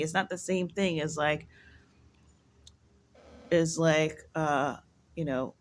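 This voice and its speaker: A woman's voice: deep voice, a bit bright, a little hiss or hum. A woman talking to camera in a casual, rambling vlog monologue, musing aloud and filling her sentences with "like.". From United States. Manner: rambling, musing, heavy use of "like". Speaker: vlogger.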